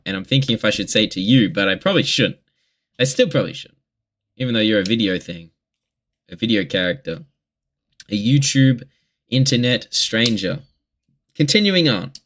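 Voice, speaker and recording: Young Aussie male vlogger with a lowish voice, rambling and swearing through a candid confessional. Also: fairly bright tone. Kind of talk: casual confessional monologue.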